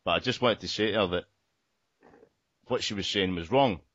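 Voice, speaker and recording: A man's voice: lowish voice, normal speed, fairly bright tone, dry recording, lo-fi sound. A man telling a rambling story in a casual podcast chat, repeating himself and swearing often.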